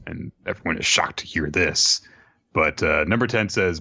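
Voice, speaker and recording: Podcast co-host: a man with a deep, bright-edged voice who retells things in an animated way, recorded on dull lo-fi audio. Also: moderate pace, creaky, no echo. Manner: animated storyteller, laughs easily. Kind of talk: casual recap of an anime episode.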